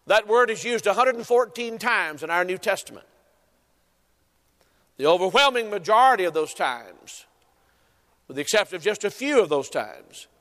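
A man's voice: high voice, fairly bright tone. A man preaching a sermon as pastor, emphatic, repeating key phrases and stretching out stressed words. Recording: long hall reverb.

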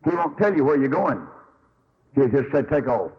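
A man preaching a sermon, telling stories in an animated, folksy way and acting out the quotes. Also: on the high side, moderate pace, husky, highs cut off.

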